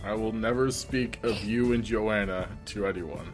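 A man's voice: fairly low pitch, fairly even intonation, moderate pace, faint music behind, lightly acted. A man voicing a dim, mopey tavern guest. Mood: confused. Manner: confused, earnest, rambling.

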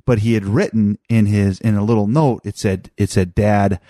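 A man's voice: lowish voice, moderate pace, dark tone, dry recording, studio quality. A man in his thirties chatting casually about his son, rambling with many restarts and fillers. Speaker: father telling a family story. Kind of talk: casual chat.

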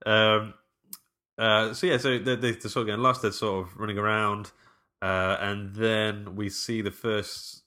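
A man's voice: fairly low pitch, level tone, unhurried, sharp tone. A man in casual film podcast chat, telling the story loosely and laughing a lot. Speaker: podcast co-host.

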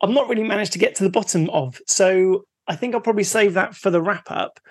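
A man co-hosting a casual podcast, easygoing and quick to laugh as he shares facts. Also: sits high. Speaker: podcast co-host.

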